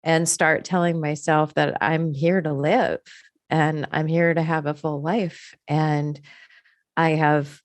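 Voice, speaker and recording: A woman's voice: sits low, little pitch movement, slow pace, dry recording. A woman co-hosting a podcast, sharing her gambling recovery story in an earnest, reflective way.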